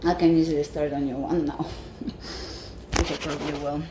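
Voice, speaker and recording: Speaking at a normal pace, this woman has a warm, low voice with little pitch movement. She's a home baker in a casual cooking vlog, talking eagerly and sampling her own bakes, in an echoey room with faint noise behind her.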